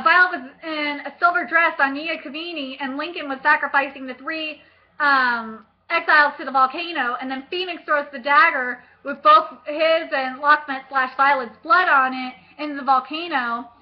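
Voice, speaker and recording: A young woman vlogger chatting about a book, gushing and excitable, with lots of fillers and casual swearing. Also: high-pitched, dull audio.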